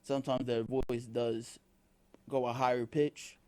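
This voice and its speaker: A man's voice: mid-range voice, level tone, unhurried, warm tone. Young male podcast co-host, slangy, casual. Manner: casual, slangy, repeats words. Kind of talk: casual chat.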